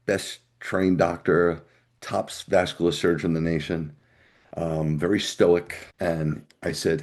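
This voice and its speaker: A man's voice: low voice, moderate pace, darkish tone. A middle-aged man, a rabbi, telling a personal testimony as an interview guest in a conversational storytelling way with wry humor.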